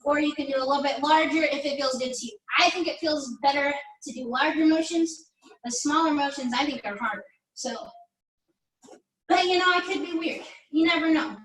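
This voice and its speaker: Woman pilates instructor, high voice, chatty rep-counting, roomy distant sound. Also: fairly quick, a bit bright. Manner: encouraging, chatty, counts down reps. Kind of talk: workout class instruction. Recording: echoey room, mic at a distance.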